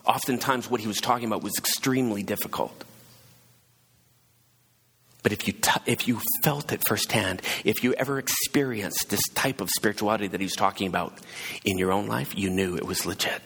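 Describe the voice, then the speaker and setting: A pastor with a fairly low, slightly fast, somewhat bright voice with a breathy edge delivers a sermon, telling a story and voicing its characters as he builds toward fervent emphasis. Long reverb from a hall surrounds the recording.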